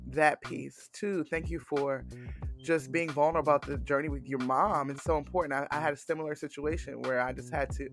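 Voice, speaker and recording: A man's voice: on the high side, vocal fry. A man hosting a podcast in casual chat, earnest and affirming, often restarting his sentences. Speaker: podcast host.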